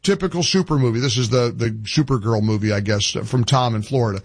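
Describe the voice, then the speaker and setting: Impassioned older radio host, husky. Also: male voice, fast talker, few pauses, no room sound. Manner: impassioned, climbs high when ranting, repeats phrases. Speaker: radio talk show host. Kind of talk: talk radio monologue.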